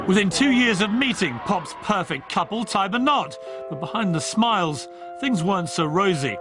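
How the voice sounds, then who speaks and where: A man's voice: sits high, expressive, normal speed, music in the background, crowd noise. A middle-aged man who asks probing, teasing interview questions and reads the scripted narration.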